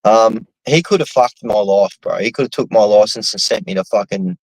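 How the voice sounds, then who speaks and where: A man's voice: fairly low pitch, moderate pace, a little mellow, no room sound, rough recording. A young Australian man chatting casually, telling blunt stories full of swearing. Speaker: host. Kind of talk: casual chat.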